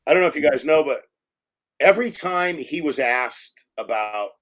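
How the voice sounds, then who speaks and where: In a relaxed interview, a male film director tells lively anecdotes, cursing freely and imitating other people's voices. His voice sits fairly high, and he talks at a normal speed.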